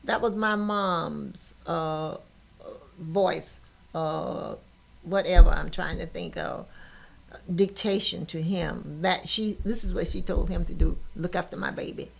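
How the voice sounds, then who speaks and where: A woman's voice: lowish voice, slow pace, gravelly, a little hiss or hum. An older woman hosting a podcast, telling a personal story with emotion and laughter. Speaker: podcast host.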